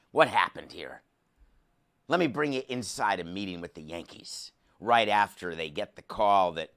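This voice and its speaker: A man's voice: on the low side, fairly bright tone. A man who hosts a sports podcast, delivering a sarcastic monologue full of comic asides.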